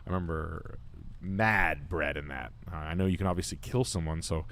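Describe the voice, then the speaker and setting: A man's voice: low-pitched, normal speed, fairly bright tone, a little hiss or hum. Blunt, profane man. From Boston area, United States. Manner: profane, blunt, rambling with many fillers. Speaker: podcast host. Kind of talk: casual crude chat.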